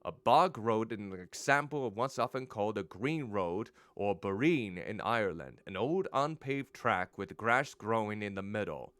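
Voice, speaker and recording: A man's voice: on the low side, lively intonation, moderate pace, few pauses, fairly bright tone, no room sound. A male streamer reading game text aloud and commenting, stumbling over pronunciations.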